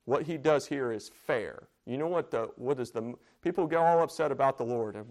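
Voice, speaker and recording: A man's voice: mid-range voice, moderate pace, hardly any pauses. Earnest man teaching a Bible study. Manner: earnest, repeats phrases, asks the room questions. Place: church Bible study class.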